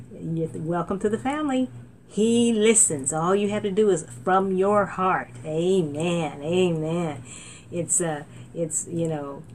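A middle-aged woman minister preaching a sermon with fervent, animated delivery, often saying amen, recorded on a laptop. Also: fairly low pitch, a little hiss or hum. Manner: fervent, animated, frequent amens. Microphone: laptop mic.

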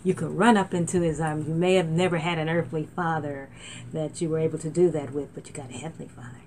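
Fervent woman preaching, low-pitched. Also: moderate pace, a little hiss or hum. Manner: fervent, animated, frequent amens. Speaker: minister. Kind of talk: preaching sermon. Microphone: laptop mic.

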